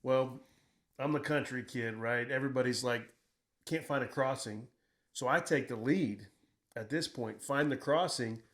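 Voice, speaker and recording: A middle-aged man, a military veteran, telling combat stories in casual conversation, blunt and profane, acting out what he shouted. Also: mid-range voice, unhurried. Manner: profane, blunt, quotes himself in raised voice.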